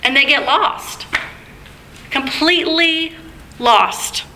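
Bright, high-voiced woman preaching a sermon. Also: lively intonation, slow pace, slight background noise, rough recording. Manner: conversational, asks the congregation questions.

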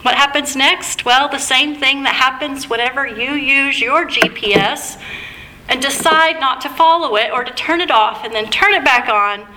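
A woman's voice: high voice, normal speed, very noisy. A woman preacher delivering a conversational sermon, asking her listeners questions. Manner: conversational, asks the congregation questions.

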